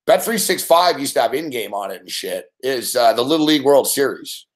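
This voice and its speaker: A man hosting a live late-night sports betting show, telling stories in a profane, animated way with mock shouted outbursts. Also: medium pitch, brisk.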